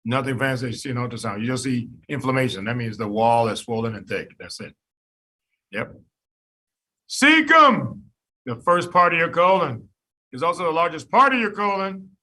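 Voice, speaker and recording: A man lecturing a class on medicine, animated and jokey, quizzing students by name. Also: mid-range voice, moderate pace. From United States.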